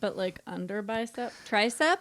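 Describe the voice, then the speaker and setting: A woman's voice: medium pitch, lively intonation, moderate pace, fairly bright tone, no room sound. A woman co-hosting a casual chat podcast, chatty and teasing, laughing easily. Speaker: podcast co-host.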